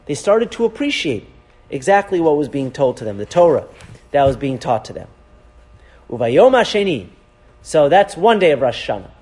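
A man teaching a Torah class as a rabbi, animated, asking rhetorical questions and weaving in Hebrew terms. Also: fairly high pitch, slightly rough. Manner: animated, asks rhetorical questions, frequent "right?".

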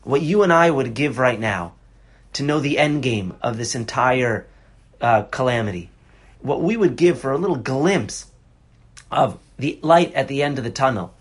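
Husky earnest man teaching Torah. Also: mid-range voice, expressive, moderate pace. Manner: earnest, conversational with bursts of passion. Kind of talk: Torah class on a psalm.

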